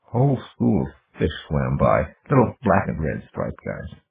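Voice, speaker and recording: Gravelly male audiobook narrator. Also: a bass voice, sing-song, unhurried. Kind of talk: first-person novel narration. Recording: tinny lo-fi audiobook recording.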